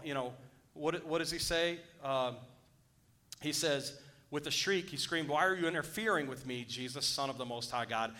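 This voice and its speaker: His voice is on the high side, with a sharp edge. As a pastor giving a sermon, he reads passages of scripture and pauses to exhort listeners, his tone swelling to urgent appeal.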